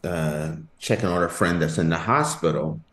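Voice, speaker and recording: A man's voice: low-pitched, normal speed, fairly bright tone. A man hosting a sports podcast, chatting casually with a co-host, laughing and rambling as he talks. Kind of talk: casual chat. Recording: roomy echo.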